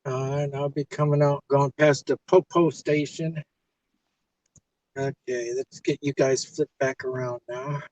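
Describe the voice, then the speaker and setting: A man hosting a live tour stream, talking viewers along slowly while driving. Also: medium pitch, little pitch movement, darkish tone, dry recording, low-quality recording. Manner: slow, coaxing directions to viewers. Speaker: stream host giving a tour.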